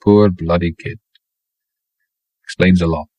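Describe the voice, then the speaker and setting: Wry seasoned sailor in an audiobook, mild and low-voiced, dry sound, read by a man. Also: fairly even intonation, takes it slowly, darkish tone, no room sound, low-quality recording. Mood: gentle. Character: steady seasoned naval petty officer, dry-humored.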